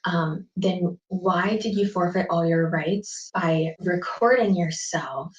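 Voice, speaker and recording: A woman's voice: on the low side, slow pace. Incredulous woman in an echoey room. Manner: defensive, incredulous. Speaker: youtuber. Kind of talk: casual vlog storytelling. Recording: echoey room, distant lo-fi mic.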